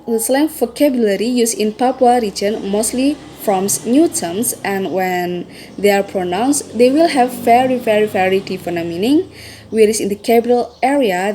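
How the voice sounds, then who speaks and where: A young woman reads her university presentation aloud, steadily counting off points in a mellow, relaxed voice. A light hiss of background noise sits under her voice. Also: medium pitch. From Indonesia. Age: young adult. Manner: reads steadily, enumerating items one by one. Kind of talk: read-aloud class presentation.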